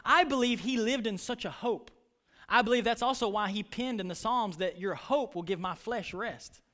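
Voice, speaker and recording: High-voiced impassioned pastor. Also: male voice, moderate pace, a bit bright. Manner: impassioned preaching, retelling stories with voices. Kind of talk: sermon.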